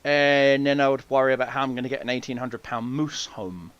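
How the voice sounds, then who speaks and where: A man hosting a podcast, telling hunting stories in a casual, profane, animated way and acting out the people he quotes. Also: medium pitch, a little fast, clear, resonant tone, dull audio. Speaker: podcast host. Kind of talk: casual storytelling chat.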